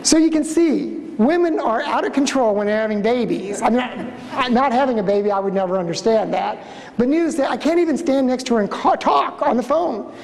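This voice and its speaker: A man giving a storytelling conference lecture as a museum director, an animated speaker who acts out the voices in his stories. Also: very high-pitched, fairly quick, gravelly. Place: conference hall. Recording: reverberant lecture hall.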